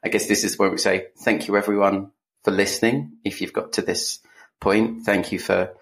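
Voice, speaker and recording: A man with a lowish voice hosts a relaxed podcast chat. He tells his stories with a dry, self-deprecating wit. The delivery is loose and conversational. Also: normal speed. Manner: dry, self-mocking storyteller. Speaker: podcast co-host. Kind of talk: casual chat.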